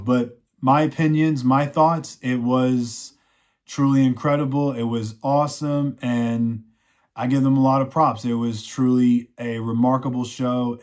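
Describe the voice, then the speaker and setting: A man's voice: medium pitch, a little mellow. A man giving a casual, rambling recap and review of a TV series, leaning on filler phrases and ending with an effusive, upbeat sign-off. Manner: rambling, leans on "you know" and "he's like". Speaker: TV show reviewer.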